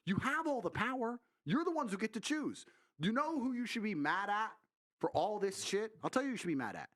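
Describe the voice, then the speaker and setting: Man, brash and boastful, high lively voice, quick talk, music behind. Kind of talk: casual storytelling rant.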